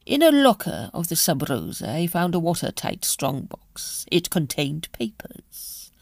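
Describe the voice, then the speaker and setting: A woman voicing a cool, smug young gentleman who speaks calmly and slyly, in a husky voice. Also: fairly low pitch, measured pace, dry recording, clean studio sound, full character voice. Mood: matter-of-fact. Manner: calm, sly, understated.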